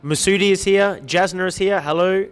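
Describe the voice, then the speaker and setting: Male livestream host, friendly and chatty, slightly raised pitch, long hall echo on the track. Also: fairly even intonation, moderate pace, clear, resonant tone. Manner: chatty, greets viewers by name, light joking. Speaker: livestream host reading viewer comments. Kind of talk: upbeat live-stream chat.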